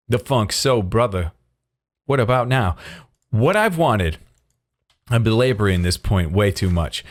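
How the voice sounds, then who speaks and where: Rambling man in laid-back game commentary. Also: mid-range voice. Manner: rambling, self-interrupting, chuckles often. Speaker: gaming video creator. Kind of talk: casual gameplay commentary.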